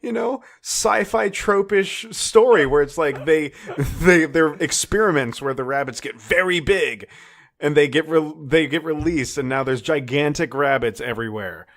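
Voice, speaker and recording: A man's voice: a little high, moderate pace, fairly bright tone. A man co-hosting a podcast, chatting in an easygoing, agreeable way and explaining things at length. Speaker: podcast co-host. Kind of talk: casual chat.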